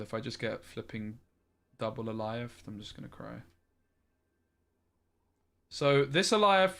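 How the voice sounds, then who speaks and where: A man's voice: medium pitch, a bit bright. A man streaming a card game, thinking aloud in a frustrated way and swearing often. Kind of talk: live-streamed gameplay commentary.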